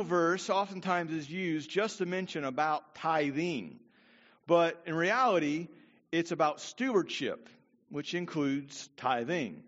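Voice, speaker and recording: A male pastor gives a sermon in a fairly high voice and a relaxed, conversational way. The muffled recording rings with the long reverb of a big hall. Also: slow. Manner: casual and conversational, with fillers.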